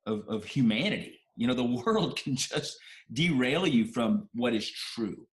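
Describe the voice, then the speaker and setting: A man's voice: medium pitch, expressive, a little slow. A man speaking as an interview guest, recounting a personal memory in an emotional, heartfelt way. He stumbles and restarts often as the feeling catches up with him, and his voice sits in a middle register. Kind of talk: personal storytelling in conversation.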